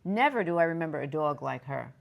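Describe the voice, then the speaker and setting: A woman's voice: deep voice, animated, brisk, vocal fry. A woman co-hosting a relationship talk show, chatting candidly and often breaking off mid-thought. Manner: chatty, candid, self-interrupting. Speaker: co-host. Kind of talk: casual chat.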